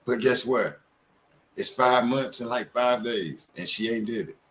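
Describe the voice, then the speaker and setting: A man's voice: mid-range voice, unhurried, a bit bright, slight background noise. A man giving heated commentary as a show host, firing off rhetorical questions.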